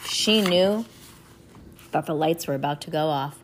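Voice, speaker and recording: A woman reading a children's chapter book aloud at home, animated, with little sound effects. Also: deep voice, measured pace, noisy background. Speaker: reader.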